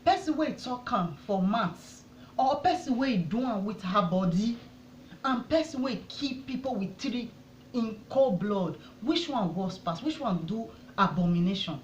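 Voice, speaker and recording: A Nigerian woman vlogger speaks with fierce conviction, pleading and demanding answers. Her voice sits slightly high. The sound is dull and roomy, with a faint hiss underneath. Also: animated, a little slow. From Edo State, Nigeria. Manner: pleading, indignant, rhetorical questions. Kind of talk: impassioned address to camera. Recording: echoey room, dull sound.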